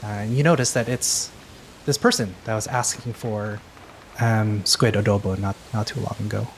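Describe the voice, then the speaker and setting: A man's voice: lowish voice, fairly even intonation, normal speed, a little hiss or hum. A man narrating as game master of a tabletop game, hesitant and full of fillers. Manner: hesitant, lots of um.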